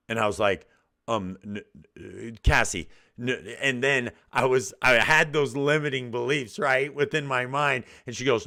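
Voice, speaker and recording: A man's voice: medium pitch, normal speed, pushed and bright. A middle-aged man hosting a motivational talk, telling earnest stories with frequent restarts. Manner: earnest storytelling with self-quotes and restarts. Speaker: podcast host.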